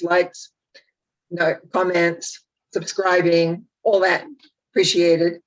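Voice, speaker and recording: A woman speaking off the cuff as a spiritual teacher on her own channel, reflective and gently encouraging, wandering from thought to thought. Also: lowish voice, highs cut off. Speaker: spiritual teacher and YouTube host. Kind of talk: unscripted spiritual talk to camera.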